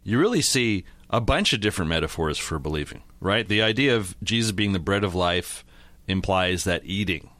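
A man in his forties co-hosting a casual Bible discussion, explaining his points in a measured way. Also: sits low, animated, a bit bright, no echo. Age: 40s. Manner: measured, explanatory, agrees often. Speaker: co-host.

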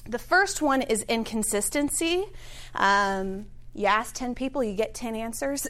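A woman speaking to a live audience, leading a prayer and then teaching in a conversational, animated way, chuckling between phrases and often saying um. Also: medium pitch. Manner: conversational with frequent fillers. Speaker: speaker at a Christian gathering. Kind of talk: teaching talk with an opening prayer.

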